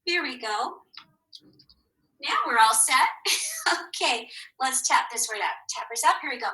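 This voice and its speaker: A woman teaching a phonics lesson to young children, patient and encouraging, sounding out words slowly. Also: high-pitched, expressive, bright, forceful tone, low-quality recording.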